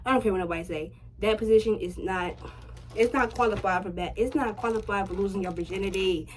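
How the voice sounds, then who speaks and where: A young adult woman telling a personal story to her viewers in a casual vlog, slangy and full of swearing, getting louder and higher when excited. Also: fast, a little hiss or hum. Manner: chatty, slangy and profane, addressing viewers directly; animated, rising loud and high when excited. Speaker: vlogger.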